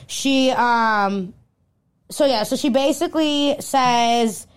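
A woman's voice: a little high, normal speed, clear, resonant tone. Chatty young woman telling a story. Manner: rambling, heavy use of "like", quotes texts aloud. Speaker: podcast host. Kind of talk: casual storytelling chat.

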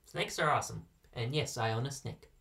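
Gravelly man sharing animal facts. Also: mid-range voice, a little fast, bright, forceful tone, distant mic. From California. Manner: informative, dry humor, self-correcting. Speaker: co-host. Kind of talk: casual animal-facts chat.

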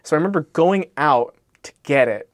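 A man's voice: on the high side, lively intonation, fairly quick, no echo, clean studio sound. A man co-hosting a podcast, telling a long story in a casual, rambling way and often correcting himself. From Alaska.

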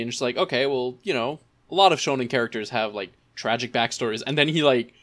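A man's voice: medium pitch, fast talker, few pauses, fairly bright tone. A man co-hosting an anime recap podcast, talking casually and rambling, often acting out what the characters might be thinking. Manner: rambling, many "like" fillers, acts out characters' thoughts. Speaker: podcast co-host.

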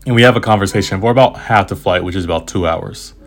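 A man's voice: sits low, fast. An American man, a travel writer, casually telling a travel story in a rambling, self-aware way with asides and restarts. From United States.

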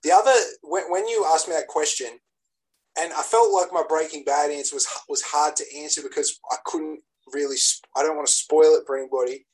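A man co-hosting a podcast, telling stories in an animated, excitable way during casual chat. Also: fairly high pitch, brisk, poor audio. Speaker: podcast co-host.

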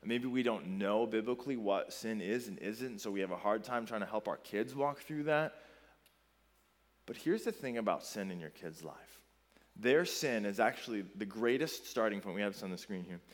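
Animated male pastor preaching on parenting. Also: on the low side, moderate pace. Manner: conversational storytelling, animated and emphatic. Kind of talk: sermon.

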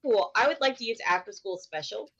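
A woman playing a tabletop game, talking in an excitable, chatty way. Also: medium pitch, fairly quick, slightly rough, muffled recording. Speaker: player.

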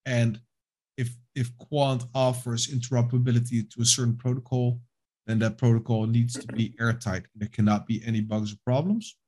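A man's voice: mid-range voice, level tone, moderate pace, a little mellow. A man co-hosting a casual crypto podcast, rambling with many fillers and restarts and reading from articles. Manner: reads quotes aloud from an article. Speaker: podcast co-host.

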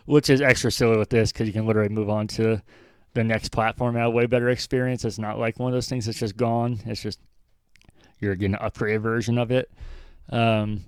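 A young man with a low, smooth voice hosting a relaxed gaming podcast. He thinks out loud and rambles through his points, poking fun at himself. The sound is dry and close. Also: brisk, dry recording. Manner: rambling, self-deprecating, thinks aloud. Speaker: podcast host. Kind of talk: casual chat.

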